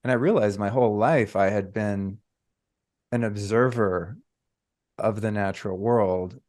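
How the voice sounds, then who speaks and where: A man with a fairly low voice hosts a podcast and tells a personal story at an easy, unhurried pace. He stretches out his phrases, pauses to reflect, and keeps things casual and conversational. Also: darkish tone. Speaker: podcast host.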